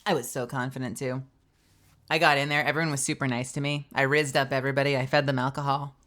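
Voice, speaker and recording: A woman's voice: very deep voice, flat delivery, quick pace, a bit bright. A woman streamer and voice actor chatting casually with her viewers, rambling and full of fillers. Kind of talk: casual live-stream chat.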